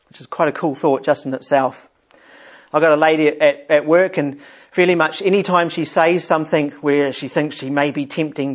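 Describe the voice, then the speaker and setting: A man's voice: fairly high pitch, dull audio. A man leading an informal Bible study for a group, chatty and often chuckling as he explains a psalm.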